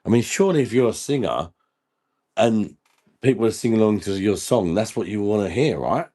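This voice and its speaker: A man's voice: on the low side, expressive, a little fast, warm tone. A man hosting a casual live stream, laughing often and bantering with viewers in the chat while he drinks.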